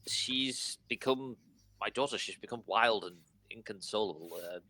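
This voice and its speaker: A man's voice: fairly low pitch, normal speed, bright, forceful tone. A man voicing a nervous male gnome father who stammers and repeats his words. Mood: worried.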